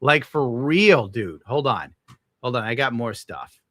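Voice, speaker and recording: A young man with a bright, forceful voice rants bitterly and swears constantly as he comments on a stream. The sound is dry and close, with no room around it. He talks in a casual, sour way. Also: medium pitch, animated, unhurried, no room sound. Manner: bitter, crude, heavy swearing. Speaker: streamer reacting to clips.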